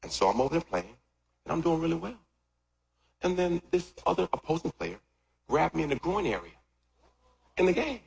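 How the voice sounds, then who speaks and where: A middle-aged man preaching a sermon, swinging from loud shouts to quiet asides. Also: normal speed, vocal fry, pauses often. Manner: animated, jumps from loud shouts to low asides. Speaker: pastor. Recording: echoey hall with long reverb.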